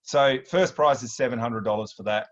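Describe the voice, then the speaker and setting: A man in his thirties with an Australian accent, hosting a workshop and telling stories in a chatty, animated way, often restarting his sentences. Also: medium pitch, moderate pace, dull audio. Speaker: workshop host. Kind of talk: casual storytelling talk.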